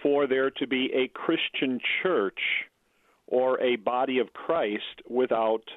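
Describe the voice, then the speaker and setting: A man discussing a Bible passage earnestly, halting and repeating words as he thinks. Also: mid-range voice, no echo. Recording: tinny phone-like line.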